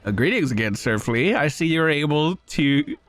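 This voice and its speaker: A man's voice: a little high, animated, moderate pace, fairly bright tone. A man doing a fawning French flea merchant. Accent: put-on French. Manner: oily, fawning, theatrical. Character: smarmy, flirtatious male flea merchant.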